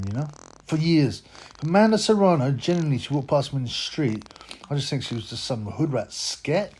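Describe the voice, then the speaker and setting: A man's voice: mid-range voice, a little hiss or hum. A man hosting a boxing channel, talking in a rambling, mocking rant with lots of stammered restarts. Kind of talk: casual rant to camera.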